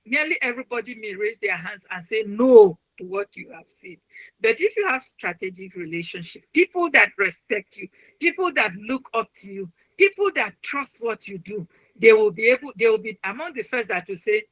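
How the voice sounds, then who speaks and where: A woman speaks to a webinar audience in an earnest, advising way, now and then acting out the people she quotes. Her voice is bright and clear, and the sound is close and dry, with almost no room around it. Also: a little high, no echo, low-quality recording. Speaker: webinar speaker, university registrar and counselor. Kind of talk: motivational webinar talk.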